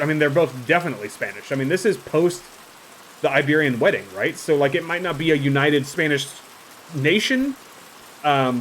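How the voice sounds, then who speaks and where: A man's voice: mid-range voice, a little hiss or hum, poor audio. Chatty man narrating a game playthrough. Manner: chatty and excitable, with bursts of swearing at characters. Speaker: let's play host. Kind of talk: casual gameplay commentary, reading game dialogue aloud.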